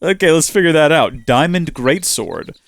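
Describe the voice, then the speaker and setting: Lively man narrating his gameplay. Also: on the high side, moderate pace, creaky, no echo. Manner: animated, exclaims and talks to himself while playing. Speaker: gaming channel host. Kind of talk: let's play commentary.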